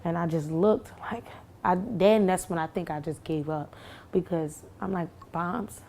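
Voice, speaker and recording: A young woman recounting what she lived through, halting with many fillers and restarts. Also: fairly low pitch, warm tone, slight background noise. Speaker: shooting survivor. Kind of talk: recounting testimony to camera.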